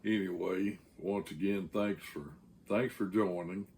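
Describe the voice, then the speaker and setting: Slow-drawling Texan man telling a story. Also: low voice, fairly even intonation, darkish tone, a little hiss or hum. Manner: rambling, frequent "uh" pauses. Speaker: channel host and storyteller. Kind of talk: casual storytelling.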